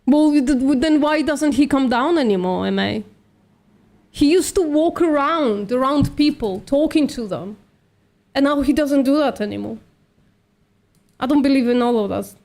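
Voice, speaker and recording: With a high, slightly mellow voice at a moderate pace, a woman streamer debates on her live stream. This vegan activist is blunt and argumentative, swears, and keeps calling people "sweetie."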